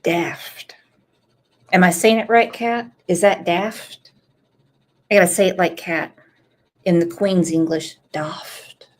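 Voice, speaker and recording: Slow, low-voiced woman hosting a stream. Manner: playful, joking, drawn-out. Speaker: true-crime channel host. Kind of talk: casual livestream commentary.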